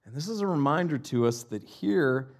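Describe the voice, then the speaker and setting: Man preaching, slightly high voice, big swings between loud cries and near-whispers. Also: lively intonation, moderate pace. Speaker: pastor. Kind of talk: sermon.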